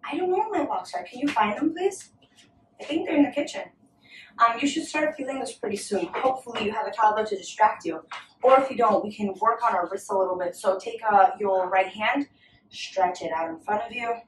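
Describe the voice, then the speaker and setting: Female yoga instructor, gentle encouraging cues, slightly high voice, recorded at a distance in an echoey home room. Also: a little fast, slight background noise. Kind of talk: guided yoga class with a toddler.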